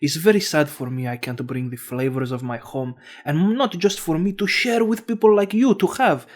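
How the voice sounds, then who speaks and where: A man's voice: on the high side, moderate pace, pitched above the performer's own voice, lightly acted. A man voicing a boastful, jovial immigrant restaurant owner who speaks effusive broken English.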